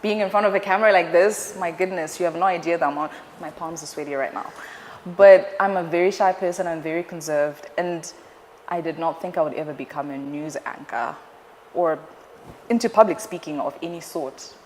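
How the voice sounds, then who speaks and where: A young woman, a news anchor, chatting as an interview guest, playful and animated as she tells stories. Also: lowish voice, a little fast. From Zimbabwe. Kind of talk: casual interview chat. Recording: reverberant room with faint noise.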